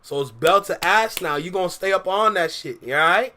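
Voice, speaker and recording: Bright-voiced young man chatting on stream. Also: high voice, lively intonation, a little fast, slight background noise. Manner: laid-back slang-heavy banter, reading chat aloud. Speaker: reaction streamer. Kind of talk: casual livestream chat with viewers.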